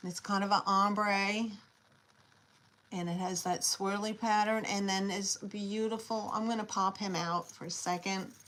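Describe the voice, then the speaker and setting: A woman hosting a live online sale, chatty and scattered, often pausing with fillers as she shows each item. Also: medium pitch, a bit bright, low-quality recording. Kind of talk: casual live selling chat.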